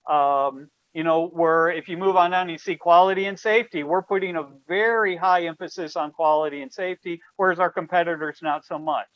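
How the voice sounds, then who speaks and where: A man's voice: a little high, steady tone, a little fast, hardly any pauses, no room sound. A man presenting a strategy webinar, walking listeners through slides and asking a colleague to advance them. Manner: explanatory, directs slide changes. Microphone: video call. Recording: dull lo-fi web call audio.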